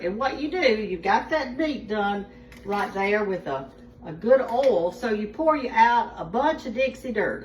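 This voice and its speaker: A woman with a Southern US accent hosting a casual cooking demonstration in a home kitchen, folksy and chatty as she talks straight to her viewers. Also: on the high side. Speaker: cooking show host. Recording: roomy, distant mic, faint background noise.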